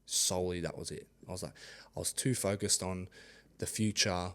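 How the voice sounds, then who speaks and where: Young australian man, low voice, casual storytelling, animated, laughs a lot. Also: normal speed. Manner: animated, acts out quoted voices, laughs often. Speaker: podcast guest, rugby league player.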